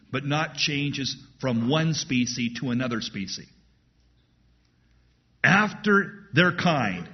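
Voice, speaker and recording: A man's voice: medium pitch, husky, lo-fi sound. A man teaching verse by verse through a sermon, who jokes and laughs at himself, then repeats key words with emphasis. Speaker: pastor.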